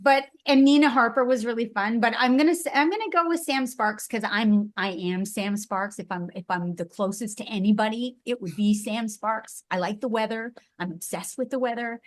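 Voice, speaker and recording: A woman voice actress chatting casually as an interview guest, bubbly and quick to giggle. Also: a little high.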